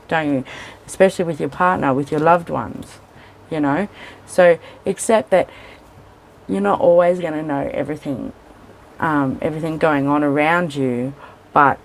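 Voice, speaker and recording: A woman's voice: low voice, a little hiss or hum. A woman giving a casual tarot reading, rambling and interrupting herself, openly emotional and a little teary. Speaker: tarot reader. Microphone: camera in front of a seated speaker.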